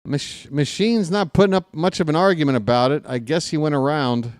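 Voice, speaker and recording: A man's voice: on the high side, a little fast, darkish tone, no room sound, studio quality. A man doing live fan play-by-play of a baseball game, chatty and joking, openly rooting for his team.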